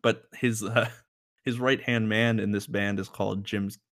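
A man's voice: on the low side, fairly even intonation, unhurried, a bit bright. A man co-hosting a casual music podcast, rambling and joking as he reviews songs. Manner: rambling, joking, laughs often. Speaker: podcast co-host.

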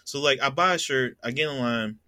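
A man's voice: mid-range voice, brisk, bright, forceful tone, dry recording. A young man telling a long, laughing anecdote in a casual podcast chat and acting out the voices of the people in it. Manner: laughs a lot, acts out voices in his anecdote.

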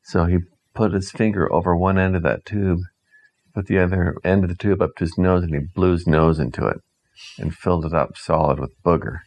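Low-voiced dad type, playful deadpan storyteller, good for improvised bedtime tales. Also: male voice, a little fast, rough recording.

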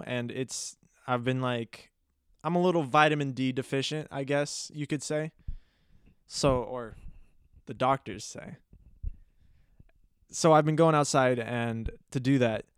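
A young man hosts a casual podcast monologue, rambling through a story with deadpan, playfully disgusted asides. His voice is smooth and resonant, recorded close and dry. His pitch sits in an ordinary middle range. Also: dry recording. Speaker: podcast host.

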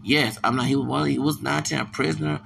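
A man with a heavily gravelly, fry-laden voice and a forceful, tense edge rants heatedly on his own podcast. He vents in circles, coming back to the same points. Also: medium pitch, steady tone, fast, a little hiss or hum. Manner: heated, ranting, repeats himself. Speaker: podcast host. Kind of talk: angry monologue rant.

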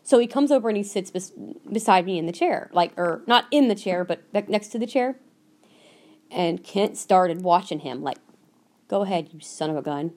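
A woman's voice: medium pitch, animated, moderate pace, darkish tone. A woman hosting a podcast, telling a personal story in a casual, earnest way and acting out the voices of people she quotes. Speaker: podcast host.

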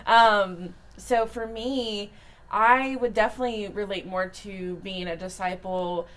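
A woman co-hosting a casual faith podcast into a studio mic, relaxed and quick to laugh. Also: medium pitch. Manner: relaxed, laughing, short agreements. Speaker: podcast co-host.

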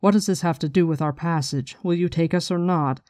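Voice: medium pitch, a little fast, a little mellow, no echo, studio quality, close to an everyday voice. A reader voicing a blunt, impatient young woman in a direct, curt read of a novel passage. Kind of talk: reading a novel passage aloud.

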